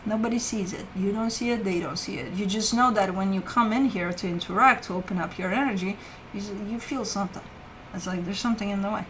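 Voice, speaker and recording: A woman's voice: mid-range voice, quick pace, fairly bright tone, slight background noise, rough recording. A woman giving a casual weekly tarot reading as the host, swearing freely and chatting loosely as she lays out cards. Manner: swears casually, talks to her pet between cards. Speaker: tarot reader.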